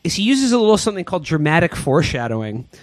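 A man's voice: a little high, big pitch swings, very fast, no room sound. Chatty man recapping a movie. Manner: rambling, joking, full of fillers and asides. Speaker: podcast co-host. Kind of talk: casual comedic movie recap.

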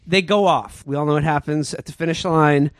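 A man's voice: on the high side, fairly quick, dry recording. A man hosting a comedy podcast, sarcastically recapping a movie in a rambling way. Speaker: podcast host.

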